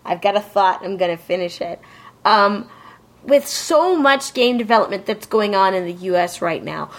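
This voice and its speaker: A woman's voice: mid-range voice, fairly bright tone. A woman co-hosting a casual chat, emphatic and ranting, swearing freely.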